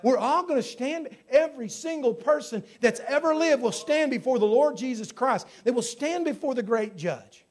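A man's voice: very high voice, animated, moderate pace, few pauses. A man preaching a sermon, emphatic, with surges in volume on key phrases as he tells stories. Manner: storytelling preacher.

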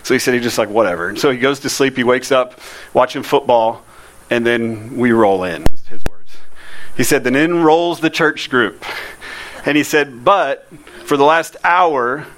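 A man's voice: medium pitch, normal speed, fairly bright tone. Chatty man telling a story. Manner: conversational, full of "you know" and "I mean". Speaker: youth ministry speaker. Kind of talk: casual storytelling testimony.

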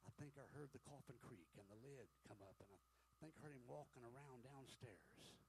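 A man preaching a sermon, telling a story with folksy humor, shifting between hushed and loud. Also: mid-range voice, a little fast, vocal fry, slight background noise, rough recording. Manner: dramatic, swings from hushed to loud. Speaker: pastor.

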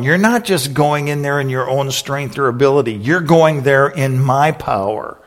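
A man preaching a sermon, retelling scripture in a lively storytelling way and acting out the voices. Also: medium pitch. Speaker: pastor.

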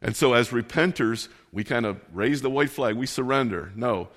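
A man preaching a casual sermon, telling a personal story in a relaxed, self-deprecating way. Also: mid-range voice, normal speed. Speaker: pastor. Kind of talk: conversational sermon with personal anecdotes.

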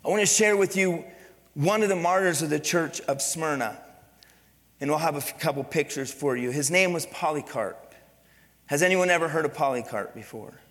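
Male pastor, sermon, earnest and emphatic, slightly high voice, long hall echo. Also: moderate pace, a bit bright. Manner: earnest, quizzes the congregation with questions. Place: church sanctuary.

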